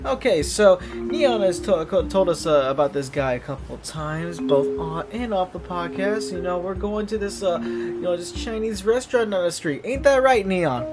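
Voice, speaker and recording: A man's voice: high-pitched, lively intonation, moderate pace. Slangy young man hosting, music behind. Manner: casual, slangy, rambling with many fillers. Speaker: podcast host. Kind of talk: comedy podcast chat. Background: background music.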